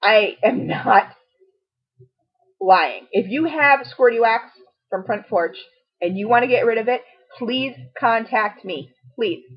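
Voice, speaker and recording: A woman's voice: on the high side, slow. A middle-aged woman gushing through a casual product review to camera, chatty and full of asides. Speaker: beauty and home product vlogger. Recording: dull lo-fi home video audio.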